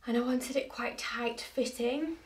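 Young woman vlogger, chatty and bubbly, slightly high voice, echoey room, mic set back. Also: measured pace. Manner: chatty, bubbly, hyped up on coffee. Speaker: fashion vlogger. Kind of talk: casual try-on haul chat. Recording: roomy echo, distant mic, faint noise.

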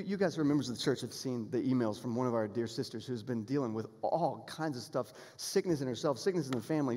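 Man, pastor, sermon, earnest and emphatic, fairly high voice, long church reverb. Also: a little mellow. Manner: earnest, emphatic preaching with rising appeals and repeated phrases. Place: church sanctuary.

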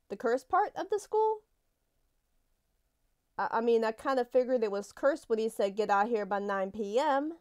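A woman's voice: a little high, expressive, moderate pace, long pauses, a little mellow. A woman giving live gameplay commentary. She is jumpy, swears a lot and talks back to the game characters. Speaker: let's play gamer.

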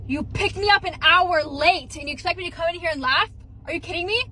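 A woman's voice: extremely high pitch, fast, sharp tone, slight background noise. A young woman, the sister, talking in a sassy and exasperated way.

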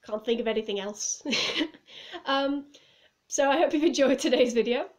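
A woman's voice: high voice, normal speed, darkish tone. A woman vlogging casually to camera at home, rambling and giggling as she reviews a film. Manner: rambling, giggly, lots of "like" and "I was just like". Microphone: phone or camera on a table.

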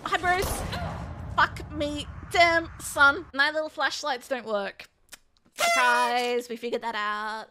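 Shrieky excitable high-pitched woman streamer. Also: takes it slowly, loud music behind the voice. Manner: playful, silly voices. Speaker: VTuber streamer. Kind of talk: gaming stream reactions.

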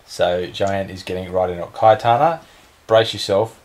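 A man's voice: sits low, normal speed, very noisy. A man, casually chatting to camera in a family vlog at home, playful and talkative. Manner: playful baby talk, chatty. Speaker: vlogger. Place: home bedroom at night.

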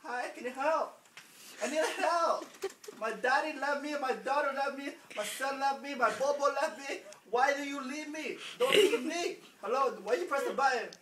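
Guy doing a needy broken english caller, squeaky high, noisy and far off. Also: moderate pace, bright, forceful tone. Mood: pleading. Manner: broken English, repeats himself. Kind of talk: prank phone call. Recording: echoey, distant, noisy room recording.

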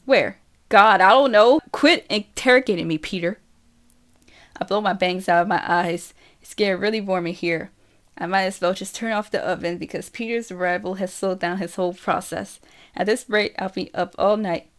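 A woman reading a first-person novel aloud as an audiobook, unhurried and even. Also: lowish voice. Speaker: audiobook reader.

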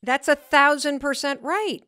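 A woman's voice: high voice, unhurried, bright, forceful tone. A woman hosting a podcast interview, asking questions and reacting with enthusiasm. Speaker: podcast host. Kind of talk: casual interview chat.

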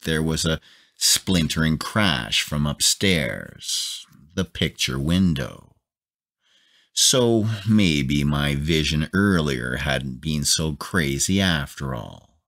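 Man, very deep voice, slow measured delivery, calm bedtime audiobook narration.

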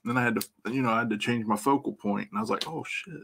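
Hosting a laid-back live stream, this middle-aged Midwestern EFI tuner welcomes viewers by name, cusses without restraint, and laughs often. His lowish, gravelly voice is steady in tone but races along, with background noise audible.

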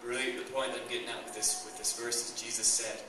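A man's voice: mid-range voice, flat delivery, fast, noisy background. A young man preaching a sermon as pastor, enthusiastic and conversational, recorded in a church hall. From Canada. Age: young adult. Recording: echoey church hall, mic far off.

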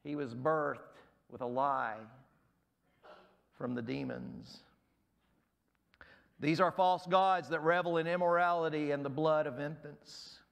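Pastor, male, slightly high voice, emphatic pulpit delivery, hoarse. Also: slow, long pauses, fairly bright tone. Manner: emphatic preaching, rising sharply on key words. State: losing his voice. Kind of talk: sermon. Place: church.

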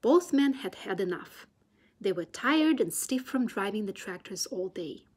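Breathy woman reading a storybook. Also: mid-range voice, lively intonation, unhurried. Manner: gentle and soft, drifting into near-whispers. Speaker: children's book reader.

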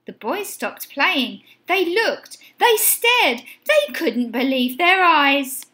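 A woman teacher reading a children's picture book aloud in an expressive, sing-song way. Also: high voice, takes it slowly. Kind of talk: storybook read-aloud.

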